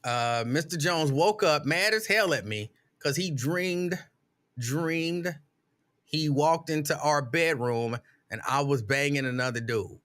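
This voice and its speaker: Middle-aged guy hosting a live stream, bright tense voice, big exasperated storytelling. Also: fairly high pitch, takes it slowly. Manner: animated, exasperated storytelling with mock outrage. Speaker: show host reading live comments.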